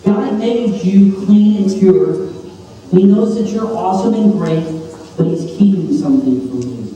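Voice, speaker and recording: A man voicing a sly male serpent who tempts in a slow, low, coaxing drawl. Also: animated, warm tone, muffled recording. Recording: echoey hall from far off.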